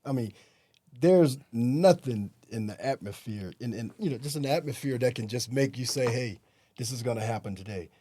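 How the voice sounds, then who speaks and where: A man's voice: mid-range voice, expressive, normal speed, dark tone, breathy edge. A man hosting a podcast interview, reflective, with lots of affirmations. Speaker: podcast host. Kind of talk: casual interview chat.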